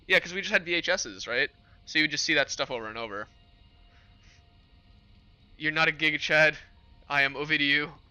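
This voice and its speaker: A young man hosting a livestream, chatting casually with his chat in a relaxed, rambling way. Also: medium pitch, no echo, dull audio. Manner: relaxed rambling with fillers and laughs. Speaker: livestream host. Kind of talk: casual stream chat with chat readers.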